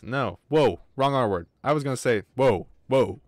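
A man's voice: mid-range voice, expressive, moderate pace, dry recording. Guy streaming a game, rambling jokes and lots of swearing, a bit wheezy, dry sound. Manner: rambling, joking, swears a lot. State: wheezy breathing from asthma. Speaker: gaming streamer. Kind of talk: casual livestream chat.

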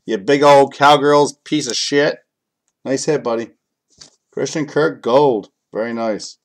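A man's voice: mid-range voice, slow. Male card break host; frustrated, profane, mutters card names between complaints. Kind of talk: live card break commentary.

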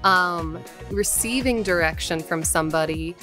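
A woman voice actor with a lowish voice, talking through her work in a careful, measured way. Faint music plays under her voice. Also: fairly bright tone. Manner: explains carefully, deliberate and measured. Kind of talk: casual advice talk.

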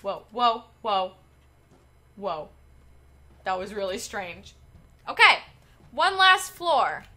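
A young woman giving excitable, giggly commentary while playing a video game. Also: medium pitch, slow, long pauses. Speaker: game streamer. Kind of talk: casual gameplay commentary. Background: faint game music.

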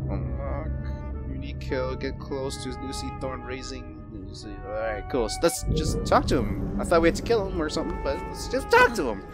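A man's voice: expressive, normal speed, over loud music. A man giving casual, profane commentary while playing a video game, joking around and putting on silly voices. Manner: playful, goofy and profane, breaks into silly high put-on voices. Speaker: video game let's player.

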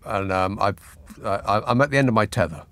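A man's voice: lowish voice, brisk, a bit bright, no room sound. A male radio host on a phone-in show, sardonic and exasperated, speaking into a studio mic. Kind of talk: late-night phone-in talk.

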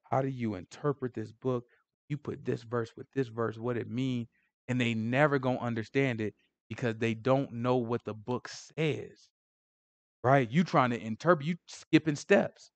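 A man's voice: medium pitch, creaky, dry recording. A man giving casual, emphatic Bible teaching, full of rhetorical questions and conversational asides. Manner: frequent "you know what I'm saying". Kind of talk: casual street-style teaching.

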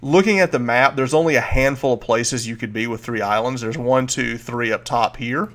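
A man narrating as game master, casual and halting with many fillers. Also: mid-range voice, a bit bright.

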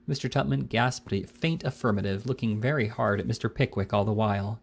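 A man reading a classic novel aloud in a measured, unhurried way. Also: lowish voice, vocal fry, slightly rough. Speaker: reader.

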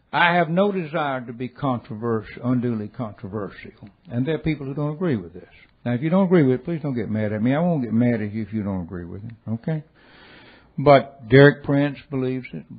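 An older man preaching a sermon, swinging between loud exhortation and quiet, low asides. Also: slightly rough. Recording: tinny phone-like audio.

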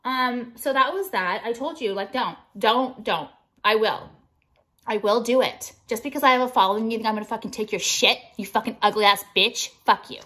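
A woman's voice: fairly high pitch, normal speed, sharp tone. A woman vlogger venting to her viewers in a profane, combative rant full of fillers. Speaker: jewelry brand owner and vlogger.

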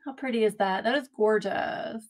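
A woman hosting a casual live-stream craft unboxing from home, gushing and excitable as she chats to viewers. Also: medium pitch, moderate pace. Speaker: craft channel host.

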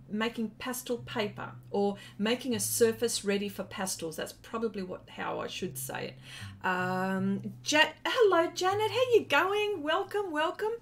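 A woman with an Australian accent hosting an art livestream, chatting casually and greeting viewers by name between many fillers. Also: a little high.

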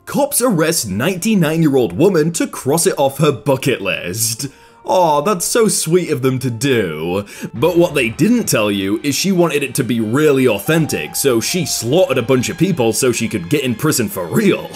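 A man's voice: on the high side, normal speed, slightly rough, faint music behind. A man hosting a comedy channel, reading out funny posts and reacting with frequent laughter in a casual commentary style. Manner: laughs often, lively voice. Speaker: YouTube host reading Reddit posts.

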